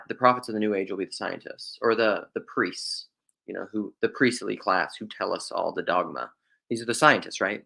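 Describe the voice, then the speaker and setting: A man's voice: fairly low pitch, gravelly, pushed and bright. A young man from Western South Dakota with a faint drawl, musing aloud in a rambling casual theological monologue, often restarting his sentences. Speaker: podcast host.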